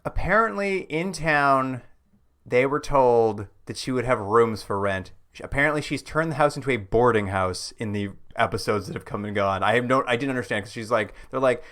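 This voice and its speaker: A man with a voice of ordinary pitch co-hosts a podcast, recapping a TV episode in easy chat. He tells it with wry asides and laughs often. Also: normal speed, fairly bright tone. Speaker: podcast co-host. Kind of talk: casual chat recapping a TV show.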